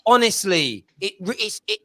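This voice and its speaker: A man hosting a casual football chat show, telling stories with lively energy and mimicking voices. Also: high-pitched, unhurried, dry recording. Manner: animated storytelling, mimics his kids. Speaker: show host.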